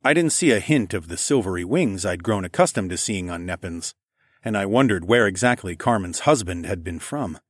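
Low-voiced male audiobook narrator. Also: animated, normal speed, dry recording, clean studio sound. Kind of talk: first-person fantasy audiobook narration.

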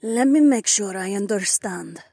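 A raspy young noblewoman, put on by a male narrator in an audiobook. She speaks slowly and quietly, with wonder. The sound is close and dry. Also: high-pitched, animated, dry recording, voice pushed up, full character voice. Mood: curious.

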